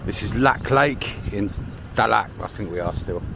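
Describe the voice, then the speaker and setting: A man's voice: on the low side, normal speed, gravelly. A man with a London accent chatting casually as he films a travel vlog, walking through a lakeside village and cheerfully greeting locals. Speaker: travel vlogger. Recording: noisy outdoor ambience.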